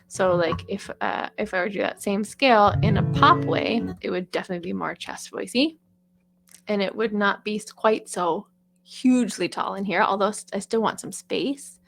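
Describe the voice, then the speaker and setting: A woman's voice: medium pitch, gravelly, fairly bright tone. A woman teaching a casual voice lesson, chatty, with sung and called-out examples.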